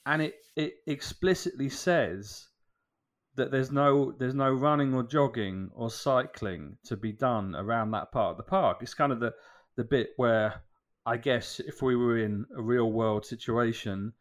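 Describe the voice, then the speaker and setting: Man, mid pitch, relaxed rambling podcast chat. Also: a little slow. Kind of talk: casual chat.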